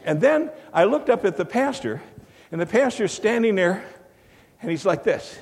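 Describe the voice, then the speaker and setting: A man's voice: sits high, sing-song, normal speed, darkish tone. An older man telling a rambling story in a sermon, full of fillers and restarts, recorded in a church. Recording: long hall reverb.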